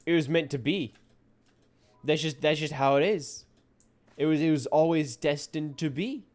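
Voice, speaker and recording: A man's voice: on the high side, normal speed, darkish tone. A man streaming a game, chatting casually and teasing his viewers with frequent laughter. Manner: playful, teasing, often laughing. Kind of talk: casual gameplay chat.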